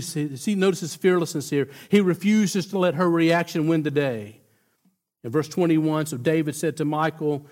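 Ish preacher guy, fairly high voice, gets worked up then drops low, lots of stumbles and restarts. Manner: animated storytelling with emphatic builds and frequent restarts. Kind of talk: sermon.

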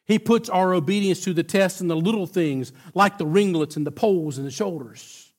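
Animated preacher man, higher voice. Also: moderate pace. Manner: animated storytelling with emphatic builds and frequent restarts. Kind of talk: sermon.

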